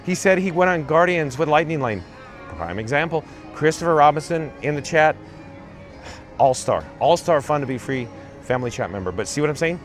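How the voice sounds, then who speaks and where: A man hosting a live stream outdoors on a handheld phone, chatting in a rambling way, jumping between tangents and reading out viewer comments. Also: fairly high pitch. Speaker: live-stream vlogger, channel host. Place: outdoors at a theme park parade route.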